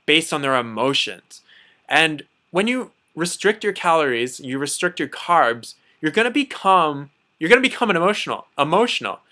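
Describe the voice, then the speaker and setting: A man's voice: on the high side, pushed and bright, clean tone. A man talking casually to camera about diet, repeating himself and dropping lots of "you know.". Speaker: diet vlogger.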